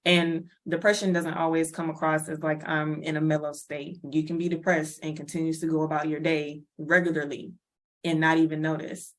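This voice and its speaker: A woman's voice: deep voice, little pitch movement, moderate pace. A woman presenting a wellness workshop in a chatty, casual way, laughing often and acting out little everyday scenes. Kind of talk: casual lecture.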